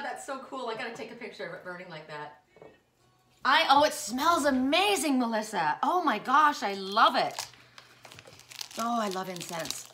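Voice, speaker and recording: A woman chatting excitedly as she unboxes gifts in a casual vlog, gushing over each one. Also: on the high side, normal speed, a little hiss or hum. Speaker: spiritual vlogger unboxing gifts.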